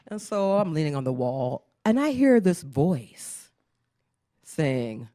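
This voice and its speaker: A middle-aged woman performs stand-up comedy in a deep, slow voice, recorded at a live show with the audience audible behind her. She tells stories animatedly, acts out voices and laughs often.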